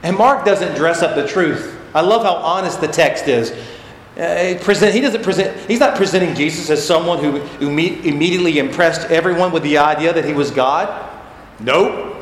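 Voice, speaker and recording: A man preaching a sermon as pastor, stressing points by repeating them. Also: fairly high pitch. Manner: emphatic, repeats key phrases for stress. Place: church sanctuary. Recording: echoey church hall with faint noise.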